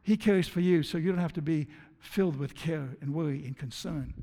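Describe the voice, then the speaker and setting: A man's voice: fairly high pitch, fairly quick, dark tone, big-room sound. A man preaching a sermon as pastor, earnest, often stumbling over and repeating his words. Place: church.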